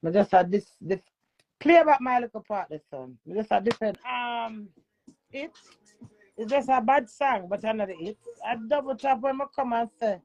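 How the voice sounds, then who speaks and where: A woman's voice: on the high side, animated, normal speed, darkish tone. A woman with a Jamaican accent chatting casually on a livestream, playful and boastful in patois. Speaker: livestream host.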